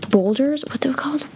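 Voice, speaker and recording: An eighteen-year-old woman, a native Spanish speaker, rambling chattily as she tells stories from her childhood to her viewers. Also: sits high. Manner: rambling, chatty, frequent "like" and "oh my God". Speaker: vlogger. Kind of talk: casual storytelling to camera.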